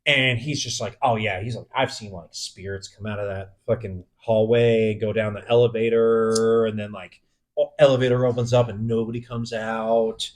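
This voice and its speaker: A young man co-hosting a podcast, telling a story casually, swearing a lot and getting animated as he recounts being frightened. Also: on the low side, moderate pace. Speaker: podcast co-host.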